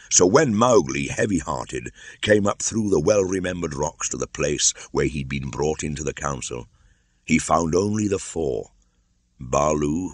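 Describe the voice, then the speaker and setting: An older man reading a classic storybook aloud as audiobook narrator, measured and theatrical. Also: very deep voice, no echo. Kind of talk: scripted narration.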